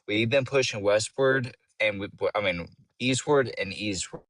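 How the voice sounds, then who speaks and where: Young male caller, low-pitched, dry sound, combative, swears freely and interrupts. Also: measured pace, a bit bright, no echo. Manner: combative, swears a lot, talks over the other speaker. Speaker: caller debating on a livestream. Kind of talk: heated casual debate.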